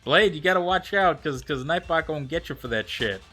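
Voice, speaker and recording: Bright, chatty male streamer. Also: fairly high pitch, lively intonation, fairly quick, faint music behind. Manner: chatty, thinks aloud, reads out and answers chat. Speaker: live streamer. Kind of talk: casual chat with viewers while gaming.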